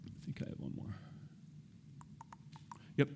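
A man's voice: fairly low pitch, normal speed, vocal fry, dark tone, a little hiss or hum. A man giving a casual, conversational sermon, asking his listeners questions and often adding "right?". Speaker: preacher. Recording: reverberant hall.

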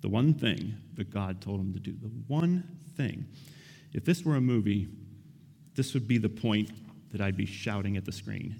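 Casual preacher with a gravelly low voice. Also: male voice, normal speed, mellow. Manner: casual, asks the listeners questions, often says "right?". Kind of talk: conversational sermon. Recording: reverberant hall.

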